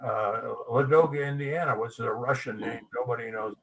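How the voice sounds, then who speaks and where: A man's voice: mid-range voice, steady tone, normal speed, fairly bright tone, low-quality recording. An older man giving an anecdotal local history talk at a club meeting, a folksy storyteller who spells words out letter by letter. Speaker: guest speaker.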